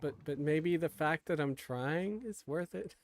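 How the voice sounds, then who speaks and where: A man's voice: on the high side, unhurried. A man from Queens chatting casually while playing an online game, rambling and self-deprecating. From Queens, New York. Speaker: gamer streamer. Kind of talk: casual chat while gaming.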